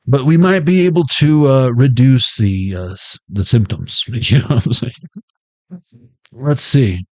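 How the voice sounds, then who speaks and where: A man's voice: mid-range voice, slow, pauses often, a little mellow, dry recording. A man giving a casual tarot reading, rambling and cursing as he jokes and laughs at his own lines. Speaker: tarot reader.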